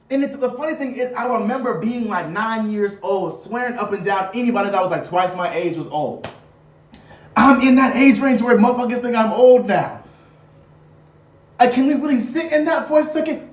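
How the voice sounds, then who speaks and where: A young woman in her twenties sounds off in a dramatic, animated rant, tossing loud rhetorical questions and slang. She sits a little back from the mic, and the room adds a noticeable echo. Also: fairly high pitch, moderate pace. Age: 20s. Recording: roomy, a bit far from the mic.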